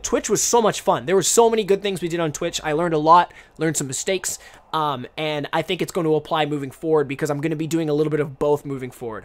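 A man's voice: a little high, a bit bright. A young man streamer and English teacher talking casually to camera, rambling and restarting his sentences with lots of fillers. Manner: rambling, self-interrupting, many fillers.

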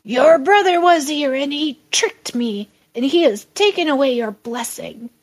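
A woman reading the lines of an aged father bestowing a blessing, in a heightened, expressive storybook reading. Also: high voice, a little slow, pitched above the performer's own voice. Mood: shaken.

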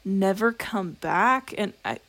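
A woman's voice: mid-range voice, takes it slowly, a bit bright. A young woman co-hosting a casual book podcast, chatty and questioning, with wry asides. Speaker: podcast co-host.

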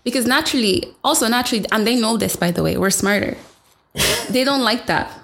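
A woman's voice: fairly high pitch, expressive, fairly quick, gravelly, a bit bright. A young woman from Ireland in casual chat, talking bluntly and frankly.

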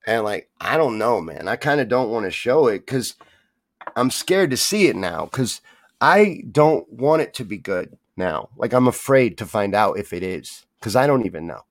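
A man's voice: fairly low pitch, big pitch swings, moderate pace, no room sound, clean studio sound. A man hosting a podcast on his own, talking in a rambling, profane, grumbling way. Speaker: podcast host. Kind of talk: casual solo rant.

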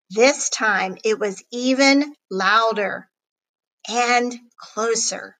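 A woman reading a children's chapter book aloud in a slow, clear storytelling way. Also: on the high side, sharp tone, poor audio. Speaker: audiobook reader.

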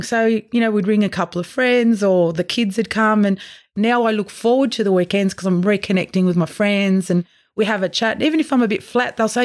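A middle-aged Australian woman telling her own story in a candid, emotional interview. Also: mid-range voice. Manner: open and emotional, quick asides. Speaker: guest sharing her recovery story.

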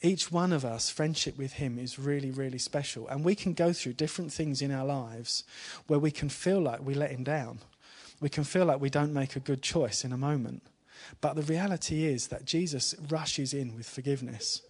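A man of middle pitch preaches to a live church congregation in an informal, conversational way. He keeps asking the room questions and adds small laughs. When he retells a story his voice goes soft and hushed. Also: moderate pace, few pauses, husky.

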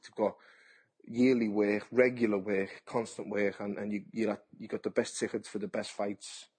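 A man's voice: on the low side, flat delivery, moderate pace, a little mellow, husky. A man, a boxer talking bluntly and chattily in an interview, often repeating his words. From England. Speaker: boxer and TV pundit. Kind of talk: casual interview.

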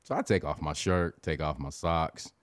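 A man's voice: a bass voice, normal speed, no room sound, clean studio sound. A married man telling a rambling, profane story in casual chat, acting out his own reactions as he goes. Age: adult, married.

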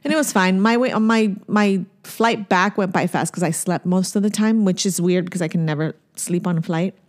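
A woman with a lowish voice talks at a moderate pace as she co-hosts a casual podcast chat. She's a chatty storyteller, rambling loosely through her stories with plenty of fillers and restarts.

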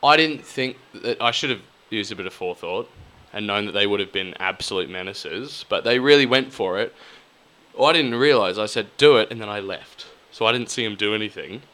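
A man's voice: on the low side, a little fast. A young Australian man co-hosting a casual podcast, telling a drunken story with lots of swearing. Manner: swears freely, animated storytelling. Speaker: podcast co-host. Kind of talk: casual chat.

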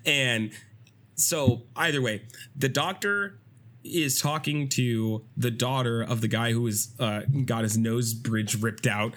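A man on a podcast casually retelling a movie plot, swearing freely and jumping into high, silly voices for the characters. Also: slow. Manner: animated storytelling with swearing, doing high-pitched quoted voices and laughing. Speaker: podcast co-host.

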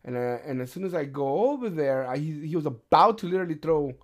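Middle-aged male host, casual storyteller, heavy cursing, animated retellings. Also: on the high side, quick pace. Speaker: podcast host. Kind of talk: casual chat.

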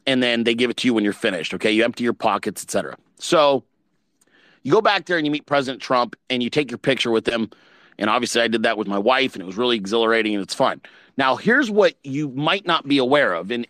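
A man's voice: mid-range voice, a bit bright, dry recording. A man hosting a podcast in casual chat, blunt and profane, telling stories with rising emphasis. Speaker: podcast host.

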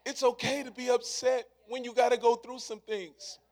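A man preaching a sermon in casual, conversational words, repeating his points and swinging from hushed to loud. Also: very high-pitched, little pitch movement, moderate pace.

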